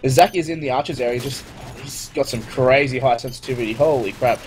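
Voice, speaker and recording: A man doing live play-by-play commentary on a competitive shooter match, brisk and light-hearted, amused by blunders. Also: medium pitch, a little hiss or hum, rough recording. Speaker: esports shoutcaster.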